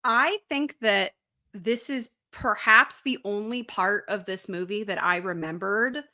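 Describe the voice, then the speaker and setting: Young woman co-host, bright voice, blunt and sweary in casual chat. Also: medium pitch, a little slow. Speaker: podcast co-host.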